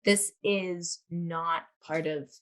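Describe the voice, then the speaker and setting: A woman with a somewhat low voice, speaking as a guest on a casual talk show. She tells stories in a giggly way, laughing as she goes. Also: fairly even intonation, drawn-out words, crowd noise. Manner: giggly storyteller. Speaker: actor guest. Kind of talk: casual interview chat.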